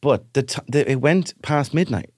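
A man's voice: medium pitch, moderate pace, slightly rough, no echo, clean studio sound. A man co-hosting a podcast, telling a story with lots of acted-out voices in casual chat. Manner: animated storyteller, acts out voices. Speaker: podcast co-host.

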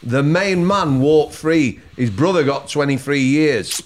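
A former prison officer talking in a measured way and repeating words as he searches for them. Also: on the high side, a little hiss or hum. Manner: measured, repeats himself while finding words. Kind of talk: conversational discussion.

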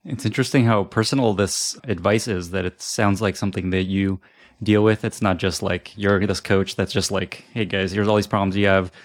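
Man, podcast host, lowish voice, casual, curious, dry close mic. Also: fairly even intonation, moderate pace, dry recording. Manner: casual, curious questioning with fillers. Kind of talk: podcast interview.

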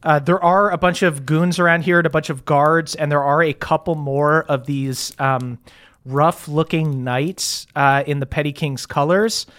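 Man, game master, fairly high voice, loose narration with fillers. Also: fairly even intonation, a little slow, fairly bright tone.

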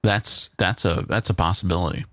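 A man co-hosting a podcast in casual banter, delivering absurd jokes in a deadpan way. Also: deep voice, moderate pace, dry recording, clean studio sound. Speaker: podcast co-host.

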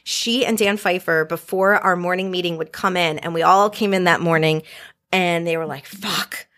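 A woman in her thirties, a podcast guest, chatting casually and telling stories with lots of quick asides. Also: lowish voice, steady tone, fairly bright tone. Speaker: podcast guest, former White House staffer. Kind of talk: casual storytelling chat.

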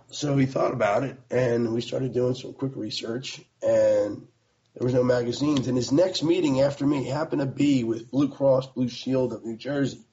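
A man's voice: mid-range voice, creaky, mellow, highs cut off. A middle-aged American man telling the story of starting his magazine in a casual, rambling way, full of fillers and restarts.

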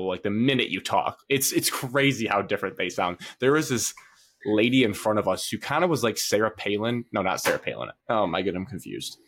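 A young man co-hosting a sports podcast, telling an animated story in casual chat, full of fillers. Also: fairly low pitch. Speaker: podcast co-host.

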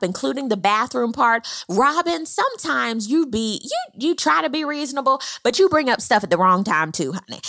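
A woman's voice: fairly high pitch, a bit bright, dry recording, studio quality. A woman giving a sassy, casual recap of a reality show, dramatically quoting the cast. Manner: sassy, dramatic, quotes people in exaggerated voices.

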